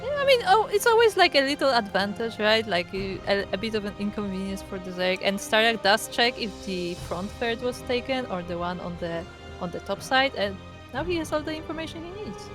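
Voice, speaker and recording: A woman's voice: medium pitch, lively intonation, fairly quick, over music. A woman casting a live esports match, casual and chatty, often saying "like". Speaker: esports caster. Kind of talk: live game commentary.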